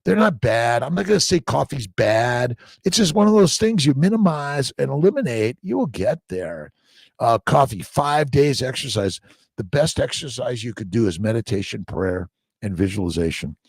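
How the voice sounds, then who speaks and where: A middle-aged man hosting a casual live-stream chat, reading viewer comments aloud in an upbeat, exclamatory way that swings between loud bursts and low murmurs. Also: very animated, normal speed, creaky, breathy edge, no echo, studio quality.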